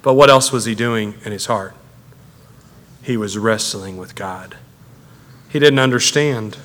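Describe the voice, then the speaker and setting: A man preaching a sermon as a pastor, conversational and animated, his intensity building as he talks. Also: lowish voice, unhurried. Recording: echoey hall with long reverb.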